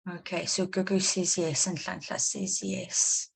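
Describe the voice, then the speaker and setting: Speaking at a measured pace in a lowish, creaky voice with flat delivery, this South African woman leads a live online maths revision class, and the recording carries a little hiss or hum. She questions her students, encourages them, and says key points twice for emphasis.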